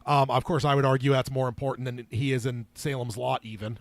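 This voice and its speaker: A man's voice: mid-range voice, a little fast, no room sound. A man co-hosting a podcast, chatting casually and reading an article aloud with many fillers and laughs. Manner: relaxed, laughs often, reads with fillers. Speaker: podcast co-host.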